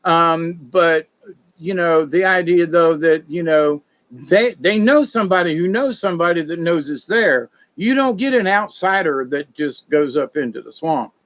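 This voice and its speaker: A man with a fairly high, expressive, slightly bright voice tells rambling, folksy stories in an unhurried casual monologue as a spiritual talk host. He digresses often and sounds conspiratorial.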